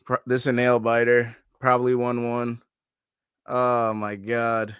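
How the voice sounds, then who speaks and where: A man hosting a live fight watch-along, giving fan commentary, who swears often and pleads and shouts at the fighters on screen. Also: mid-range voice, completely flat delivery, slow, smooth, no room sound, clean studio sound.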